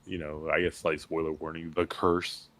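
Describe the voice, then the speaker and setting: A man co-hosting a movie review podcast, chatting casually with a deep voice and a rambling, animated way of acting out quotes. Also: normal speed, no room sound. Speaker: podcast co-host.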